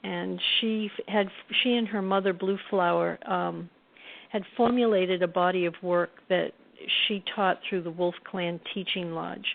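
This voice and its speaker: A woman's voice: mid-range voice, gravelly. A middle-aged woman, a guest author, telling reflective stories in a conversational interview. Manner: reflective, warm-toned storytelling with soft laughs. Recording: tinny phone-line audio.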